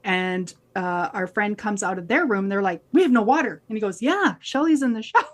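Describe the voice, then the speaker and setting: Her medium-pitched voice moves fairly quickly. She's a podcast co-host recounting a story in casual conversation, animatedly acting out each quoted line in the people's voices.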